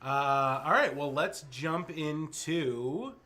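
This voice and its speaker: A man's voice: a little high, lively intonation, slow, sharp tone. An American man co-hosting a casual show, reacting with short encouraging remarks and steering the talk. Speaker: co-host. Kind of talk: casual chat.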